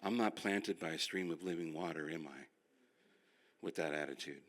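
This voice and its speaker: A man's voice: a bass voice, moderate pace. A male pastor teaching a class, who tells stories with self-mocking humor and speaks straight to the room. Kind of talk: humorous sermon-style teaching.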